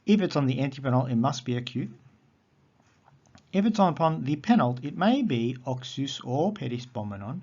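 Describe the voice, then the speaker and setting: A man teaching a recorded lesson on Greek accents, methodical and repeating key terms slowly. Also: medium pitch, big pitch swings, a little mellow, lo-fi sound.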